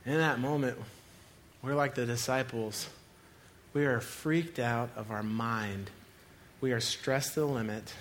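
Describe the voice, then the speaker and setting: A male pastor preaching a sermon, animated, swinging between loud cries to God and quiet, low passages. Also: a little slow, long pauses, a little hiss or hum.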